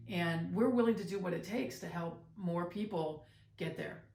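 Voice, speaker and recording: A woman's voice: on the low side, normal speed, a little mellow, slight background noise. A middle-aged woman co-hosting a podcast, talking in a reflective way with many fillers and restarts. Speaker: podcast co-host, mother. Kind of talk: casual chat. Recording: roomy, distant from the mic.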